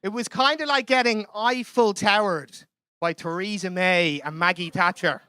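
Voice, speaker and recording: High-voiced Irish comic on stage. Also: male voice, sharp tone, clear, resonant tone, dry recording. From Ireland. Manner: chatty, self-mocking, quick asides. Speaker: stand-up comedian. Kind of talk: stand-up comedy set. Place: comedy club stage.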